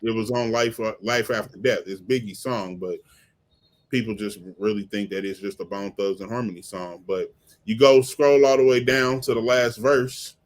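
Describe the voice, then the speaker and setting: A man hosting a podcast, talking in an animated way and repeating words when he gets excited. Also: on the low side, moderate pace. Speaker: podcast host. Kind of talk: casual chat, music commentary.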